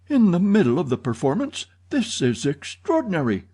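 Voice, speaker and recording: A man voicing an agitated middle-aged opera manager in an audiobook, pleading and accusing loudly. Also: on the high side, moderate pace, breathy edge, voice pushed up, full character voice. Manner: excited, pleading, shouting accusations. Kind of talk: audiobook character reading.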